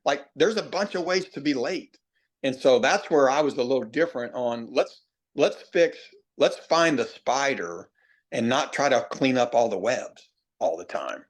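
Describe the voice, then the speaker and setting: Middle-aged man, hitting coach, folksy storyteller, plainspoken, mid-pitched voice. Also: expressive, slightly rough. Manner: folksy storyteller, acts out quoted players; plainspoken, repeats himself, drawn-out emphasis. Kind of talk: podcast interview.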